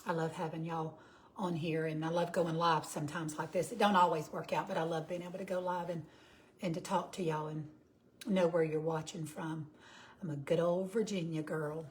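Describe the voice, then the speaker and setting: This Georgia woman, in her fifties with a Southern US accent, speaks at a moderate pace in a low, steady voice. Casual and chatty, she runs a cooking livestream, calling viewers by name and reading their comments out loud.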